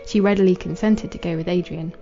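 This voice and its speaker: A woman reading a classic novel aloud in a measured, solemn narration. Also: lowish voice, steady tone, dull audio, music in the background. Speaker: audiobook narrator.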